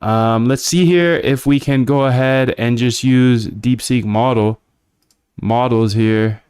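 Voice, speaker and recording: A man's voice: medium pitch, steady tone, takes it slowly, darkish tone, clear, resonant tone, no room sound, clean studio sound. A man hosting a casual livestream, coding aloud and bluntly reacting to chat. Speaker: livestream host.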